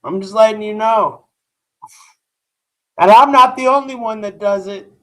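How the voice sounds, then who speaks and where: A man's voice: high voice, measured pace. A man hosting a live stream, talking casually and bluntly to his chat in rambling, profane rants. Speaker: livestream host reacting to news.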